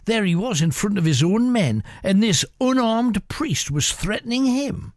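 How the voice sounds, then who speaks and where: Man telling grisly tales, dramatic, slightly high voice, dead dry sound. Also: sing-song, darkish tone, no room sound. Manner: measured, dramatic. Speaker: storyteller. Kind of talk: dramatic storytelling.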